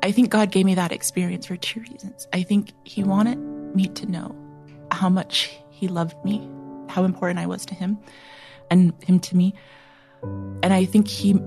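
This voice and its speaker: A young woman earnestly sharing a personal faith testimony, reflective and full of filler words, sometimes dropping to a soft hush. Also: on the low side.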